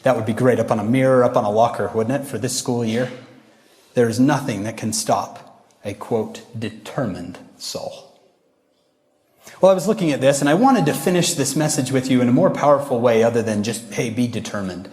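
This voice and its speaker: A man giving a motivational religious talk to a youth audience, a lively storyteller who acts out the voices he quotes. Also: mid-range voice, fairly quick. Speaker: youth devotional speaker. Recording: reverberant hall.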